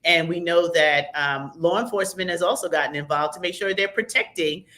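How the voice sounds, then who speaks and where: Upbeat woman host, bright tone, chatty shout-outs from viewer comments. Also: lowish voice. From American South. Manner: upbeat, chatty, reads viewer comments aloud with quick asides. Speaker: livestream host. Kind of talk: lively livestream shout-outs.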